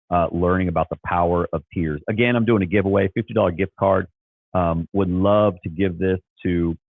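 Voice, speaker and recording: Guy with a low voice and stuffy nose rambling on a live stream, dry and tinny sound. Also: dry recording. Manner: rambling, frequent restarts and fillers; enthusiastic. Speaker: livestream host. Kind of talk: casual livestream talk.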